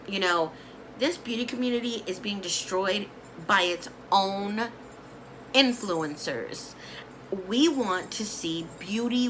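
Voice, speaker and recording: A woman vlogger ranting casually to camera about beauty influencers, emphatic and animated, repeating words for emphasis and calling people honey. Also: on the high side, a little hiss or hum, poor audio. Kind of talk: casual opinion rant to camera.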